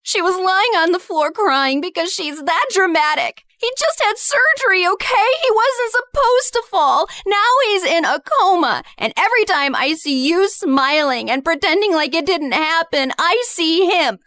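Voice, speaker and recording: A woman voicing a cruel, bitter teenage girl who sneers and accuses in an animated drama. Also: extremely high pitch, unhurried, few pauses, no room sound, heavily acted.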